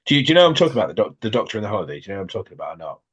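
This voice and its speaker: Husky man quizzing his co-host. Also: fairly low pitch, very animated, racing. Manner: chatty, calls his friend mate. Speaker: podcast co-host running a quiz. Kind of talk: casual chat.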